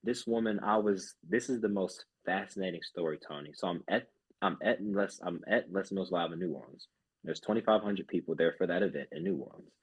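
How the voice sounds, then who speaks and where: Deep voiced guy, kinda husky, fitness instructor on a podcast, earnest, keeps restarting. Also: a little fast. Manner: earnest, restarts sentences often. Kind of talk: casual podcast chat.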